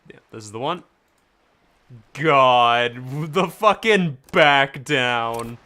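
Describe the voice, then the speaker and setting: A man's voice: mid-range voice, animated, drawn-out words, pushed and bright. A man streaming a game with friends, playful and joking in casual group chat. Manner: playful, jokey, mispronounces words.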